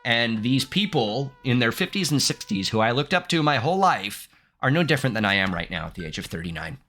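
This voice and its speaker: A man in his thirties doing let's play commentary, reading game text aloud, animated and candid, laughing often. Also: medium pitch, a little fast, faint music behind. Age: 30s. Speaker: gaming streamer.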